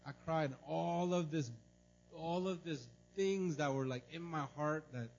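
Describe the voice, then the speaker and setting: A man preaching to his church in an animated, conversational way, often checking in with his listeners. His voice sits a bit high for a man. The recording is dull and lo-fi. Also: unhurried, slight background noise. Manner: animated, tells stories, repeats "right?". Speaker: pastor. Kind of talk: sermon with personal story. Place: church service.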